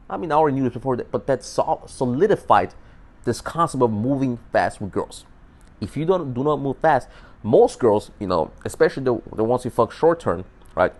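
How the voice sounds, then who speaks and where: A man vlogging about dating in a loose, rambling way, full of swearing and restarts. His voice sits at an ordinary pitch for a man. The delivery is animated and emphatic throughout. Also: fairly quick. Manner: profane, rambling, repeats and restarts words. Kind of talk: casual storytelling monologue.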